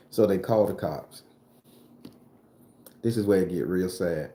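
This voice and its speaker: A man telling a personal story in a casual, profane way, moving between calm telling and loud outbursts. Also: deep voice, unhurried, reverberant. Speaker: vlogger and tarot reader.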